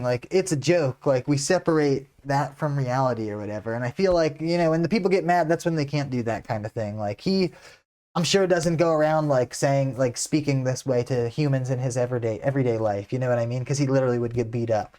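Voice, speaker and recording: A man's voice: a little high, a little mellow. An American man chatting casually as he reacts to a comedy clip, laughing often and saying "like" a lot. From United States. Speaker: reaction video host.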